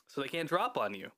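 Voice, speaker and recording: A man's voice: sits high, fairly bright tone, a little hiss or hum. A man hosting a casual podcast, telling a folklore story in a joking, mock-serious way and swearing often. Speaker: podcast host.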